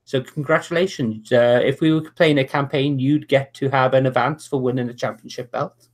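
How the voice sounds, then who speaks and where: A man's voice: medium pitch, steady tone. A man running a tabletop wrestling game as game master, narrating with many restarts and fillers over an online call. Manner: halting, full of restarts and "uh". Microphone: online video call.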